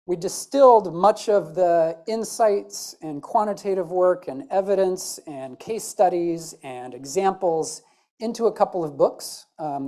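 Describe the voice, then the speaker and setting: With a lowish, warm voice, a conference speaker from the American Midwest talks on stage in her Midwestern accent. She's chatty and joking, often poking fun at herself.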